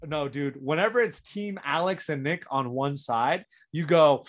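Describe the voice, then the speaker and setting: A young man with a fairly high voice talks in a loud, animated rush, swearing freely and repeating phrases as he argues his point. Casual co-host chat among friends. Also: a little slow, hardly any pauses. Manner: animated, profane, repeats himself. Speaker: podcast co-host.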